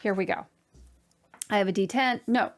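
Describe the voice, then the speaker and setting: An excitable woman chats to her viewers from home as a knitting host, her pitch sitting in the middle range. She talks casually and eagerly, scattering fillers and friendly asides as she goes. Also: moderate pace. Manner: chatty and excitable, full of "like" and "you guys". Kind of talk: casual chat to camera.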